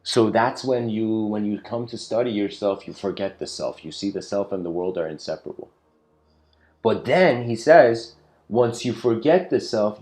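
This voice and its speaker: Low-voiced man lecturing casually. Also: mellow. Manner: casual, rambling, full of "you know" and "like". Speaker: spiritual lecturer. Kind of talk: storytelling spiritual lecture.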